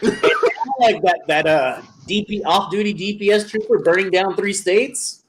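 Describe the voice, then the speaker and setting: A man's voice: sits high, huge pitch swings, normal speed, very noisy. A man hosting a casual live stream, loose and laughing, greeting viewers by name.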